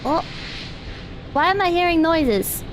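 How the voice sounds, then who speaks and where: A woman's voice: very high voice, lively intonation, slow. A young woman streaming a video game, chatting casually with sarcastic, rambling asides and mock insults. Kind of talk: casual gameplay commentary. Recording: clear background noise.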